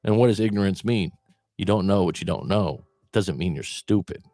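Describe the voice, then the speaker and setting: A breakup coach speaks directly to camera, giving advice conversationally and asking the listener questions. His deep voice is mellow and fairly quick, on a dry, clean studio recording.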